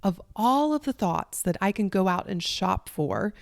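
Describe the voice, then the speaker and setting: A woman's voice: mid-range voice, animated, a little slow, vocal fry, no echo, clean studio sound. A middle-aged woman from the Southern United States with a country Southern accent, hosting a solo podcast in an earnest, conversational way. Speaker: podcast host, life coach.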